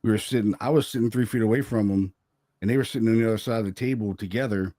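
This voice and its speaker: Deep-voiced man telling a ghost story. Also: racing, mellow, no echo, clean studio sound. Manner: loose and chatty, full of "man" and "you know". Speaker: paranormal investigator guest. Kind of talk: casual storytelling.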